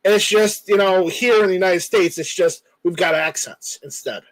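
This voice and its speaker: High-voiced man rambling through chat. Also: normal speed, no echo, rough recording. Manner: rambling, joking, reads viewer comments aloud. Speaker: livestream host reading chat. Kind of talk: casual livestream chat.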